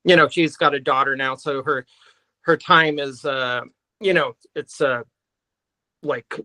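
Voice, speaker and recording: Halting male musician guest. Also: on the high side, fairly even intonation, bright, forceful tone, no echo, poor audio. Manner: halting, many fillers and restarts. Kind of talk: casual interview chat.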